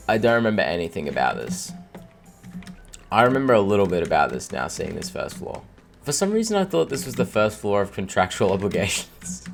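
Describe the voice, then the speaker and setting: A young man in his twenties from Australia, rambling casually over gameplay with lots of fillers and laughs, and tired from no sleep. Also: deep voice. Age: 20s. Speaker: gaming streamer.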